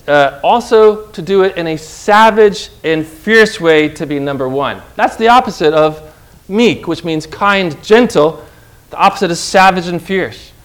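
A man's voice: high voice, a bit bright. A man preaching a sermon with emphasis, often putting questions to his listeners by name.

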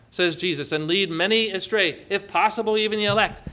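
A man's voice: high voice, fairly quick, hardly any pauses, sharp tone. A man preaching a sermon to a congregation, emphatic and asking them questions. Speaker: pastor.

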